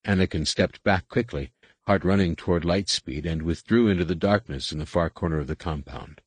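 A man narrating an audiobook in steady, measured scripted narration. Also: sits low, slightly rough, no echo.

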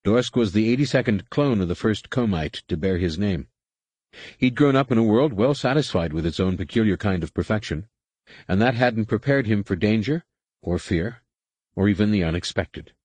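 Low-voiced male audiobook narrator. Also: slightly rough, no room sound. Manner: measured, steady reading. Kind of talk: scripted narration.

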